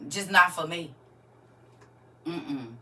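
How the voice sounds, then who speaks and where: A woman's voice: lowish voice, drawn-out words, pushed and bright. A woman hosting a casual livestream, chatting with viewers and often laughing as she answers their comments. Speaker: livestream host.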